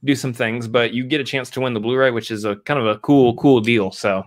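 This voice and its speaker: Man, young adult, co-host, casual live-stream chat, dry teasing, steady explaining. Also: mid-range voice, fairly quick.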